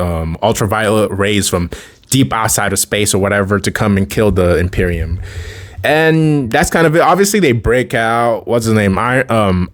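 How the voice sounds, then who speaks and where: A man giving casual, rambling commentary as a fan video creator, often correcting himself mid-sentence and chuckling between thoughts. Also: fairly low pitch.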